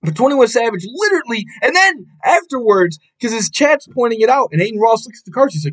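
Loud animated young man ranting. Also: high-pitched, brisk, few pauses, rough recording. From Buffalo, New York area. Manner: animated, profane, exasperated, voice jumps up into shouts. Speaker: podcast host. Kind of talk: casual solo podcast rant.

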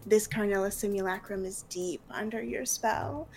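Give me a woman game master with a gravelly voice narrating an rpg session. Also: mid-range voice, normal speed. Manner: relaxed narration with fillers.

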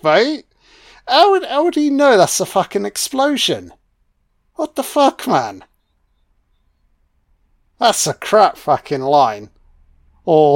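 A man's voice: a little high, no room sound, studio quality. A man with a British accent giving an audio commentary on a film, mocking it with sarcastic, heavily profane riffs.

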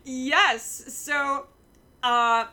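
A young woman co-hosting a casual podcast, telling a fan story with lots of filler sounds and excitement. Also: high voice, extremely slow. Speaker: podcast co-host.

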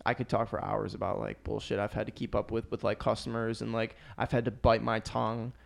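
A man's voice: fairly low pitch, a little fast, vocal fry. A young man, a restaurant server, telling work stories in casual chat and swearing often. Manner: animated storyteller, swears often.

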